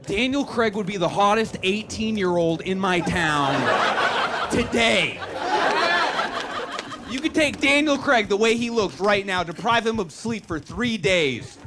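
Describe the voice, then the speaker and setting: Sardonic New comic on stage. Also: male voice, high voice, noisy background. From Massachusetts, USA. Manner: sardonic, rapid deadpan storytelling. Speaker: stand-up comedian. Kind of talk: stand-up comedy set. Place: comedy club stage with audience. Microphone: handheld stage mic.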